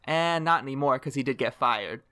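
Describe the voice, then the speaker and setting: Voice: mid-range voice, a little fast, pushed and bright, clear, resonant tone, no echo, clean studio sound. A podcast co-host in casual chat, teasing and wry.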